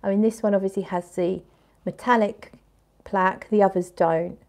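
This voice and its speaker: A bubbly woman in her forties chats her way through a perfume livestream, answering comments as they roll in. She talks loosely, stops and restarts her sentences, and her voice sits at an average pitch for a woman. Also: steady tone, normal speed, darkish tone. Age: 40s. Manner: chatty, bubbly, with frequent restarts and laughs. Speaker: fragrance livestream host. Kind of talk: casual live-stream chat reading comments.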